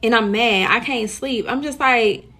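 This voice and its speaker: A young woman in casual storytime chat, animated and slangy, talking straight to her viewers. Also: a little high, unhurried.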